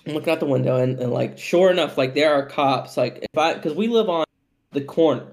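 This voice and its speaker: Animated young man telling a podcast story. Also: a little high, fairly quick. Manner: animated, profane, laughing storyteller. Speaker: podcast co-host.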